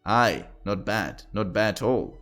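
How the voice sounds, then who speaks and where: A man with a low voice voicing a gruff one-armed old army sergeant in a put-on mock Scottish accent, with broad rustic speech. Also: unhurried, a bit bright, faint music behind. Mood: gruff, boastful.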